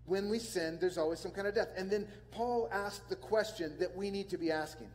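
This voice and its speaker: A man's voice: high-pitched, brisk, long reverb tail, rough recording. A man preaching a sermon as pastor, earnest, repeating words and phrases for emphasis.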